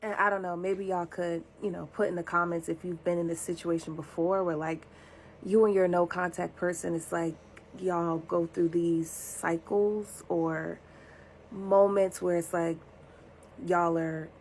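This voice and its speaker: Low, gravelly woman confessing. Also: little pitch movement, measured pace, darkish tone, a little hiss or hum. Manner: reflective, hesitant, many fillers. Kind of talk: casual confessional talk.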